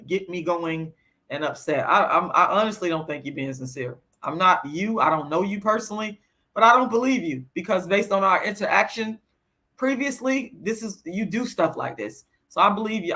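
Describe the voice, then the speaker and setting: A woman with a lowish, sharp-toned voice is answering her chat during a livestream. She moves from lecturing into blunt, profane venting as she gets worked up, turning it into a heated rant.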